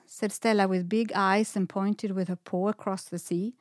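A woman reading a children's storybook aloud in a gentle, expressive way. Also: mid-range voice, normal speed, no room sound, clean studio sound.

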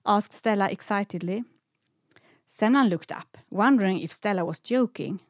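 A woman reading a children's storybook aloud in a gentle, expressive way. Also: on the low side, normal speed, no room sound, studio quality.

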